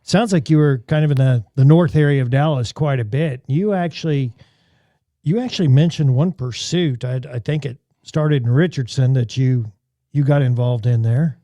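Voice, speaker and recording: A man's voice: mid-range voice, normal speed, dark tone, dry recording. A man hosting a podcast, asking his guests questions in a friendly, joking way. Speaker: podcast host. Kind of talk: interview questions, casual chat.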